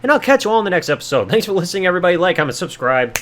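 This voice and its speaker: A male podcast host recapping an episode in an offhand, sarcastic manner, dropping the odd swear. His voice sits somewhat high and swings widely in pitch. The delivery stays loose and conversational. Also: sing-song, racing, slight background noise. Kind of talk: casual recap commentary.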